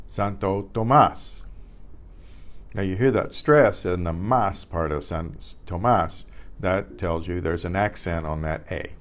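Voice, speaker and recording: An older man teaching a beginner Spanish class, patiently repeating practice words and often clearing his throat. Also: sits low. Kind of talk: beginner language lesson. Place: community class room.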